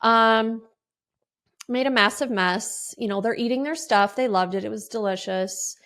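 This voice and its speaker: A woman's voice: fairly high pitch, unhurried, fairly bright tone. A woman in her forties hosting a podcast, telling a rambling, exasperated story in a casual style and swearing freely. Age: 40s. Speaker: podcast host.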